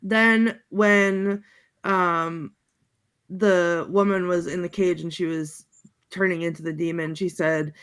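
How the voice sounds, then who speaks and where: Woman panelist, giggly, halting, lots of ums, casual chat. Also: lowish voice, fairly even intonation, fairly bright tone, smooth. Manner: giggly, halting with many fillers. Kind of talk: casual chat, recounting movie quotes.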